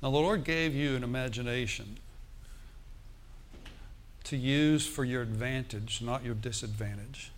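A man preaching a sermon, animated and quoting scripture, calling out for amens. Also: mid-range voice, a little slow, long pauses.

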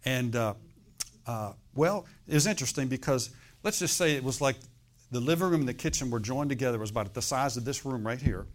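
A man's voice: mid-range voice, fairly quick. A middle-aged man preaching a sermon in a conversational way, often checking in with "okay?" and "amen?". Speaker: pastor.

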